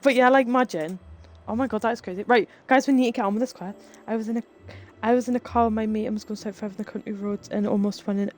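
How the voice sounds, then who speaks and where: A woman's voice: fairly high pitch, fairly even intonation, rapid-fire. A woman, chatting casually with her live chat, laughing often and telling rambling stories. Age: 30s. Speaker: streamer.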